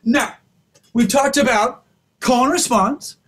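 Male music teacher for kids, very high-pitched, upbeat and instructive, speaks straight to the children. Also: slow, a bit bright, breathy edge. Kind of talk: kids' music lesson.

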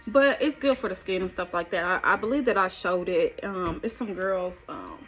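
A woman's voice: on the low side, normal speed, fairly bright tone, soft background music. A woman vlogging in casual chat, rambling with fillers, then switching to sing-song baby talk with her little son.

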